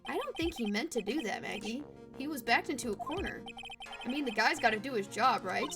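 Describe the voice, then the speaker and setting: A woman's voice: on the high side, lively intonation, brisk, distant mic, close to an everyday voice. A woman voicing an earnest, slightly hesitant young male defense lawyer, with game music behind.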